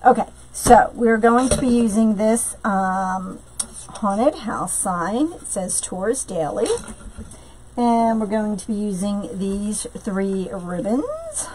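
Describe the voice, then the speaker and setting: A woman's voice: medium pitch, very animated, noisy background. A woman hosting a live craft tutorial from home, chatting with viewers and greeting them by name between steps, with lots of fillers. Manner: many fillers, slow drawn-out greetings. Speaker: craft live-stream host.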